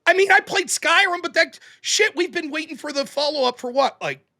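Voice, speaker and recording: Man, co-host, casual political commentary, high lively voice, bright tone. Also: brisk. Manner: animated and heated, acting out quoted voices.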